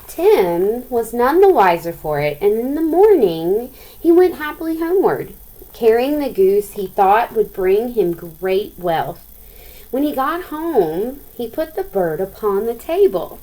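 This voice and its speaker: A woman teacher reading a storybook aloud to students, pausing to chat and ask them questions. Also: fairly high pitch, very animated, a little mellow, rough recording. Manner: chatty, asks the listeners questions.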